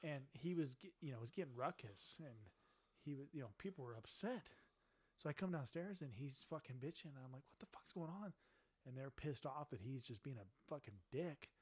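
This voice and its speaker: A man's voice: medium pitch, animated, brisk, darkish tone. Middle-aged guy cussing up a storm telling a story, laughs a lot, rowdy. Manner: profane, laughing, boisterous. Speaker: podcast co-host. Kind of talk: casual drunken storytelling.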